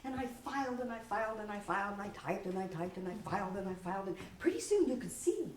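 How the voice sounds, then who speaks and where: Animated Southern woman telling a stage story. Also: mid-range voice, fast, distant mic, slight background noise. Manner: animated, self-mocking storytelling. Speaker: solo performer. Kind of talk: solo theater monologue. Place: stage of a small theater. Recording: roomy live theater recording.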